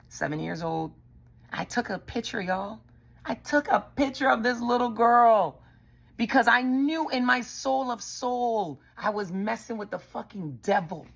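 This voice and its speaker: Blunt, husky-voiced woman telling her story. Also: a little high, a bit bright. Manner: blunt, profane, conversational, addresses listeners directly. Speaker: podcast host. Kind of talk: candid personal storytelling.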